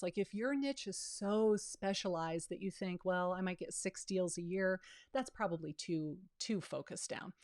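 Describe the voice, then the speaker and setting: Chatty, down-to-earth woman in her fifties. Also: medium pitch. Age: 50s. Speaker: real estate coach. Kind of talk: live online training with Q&A.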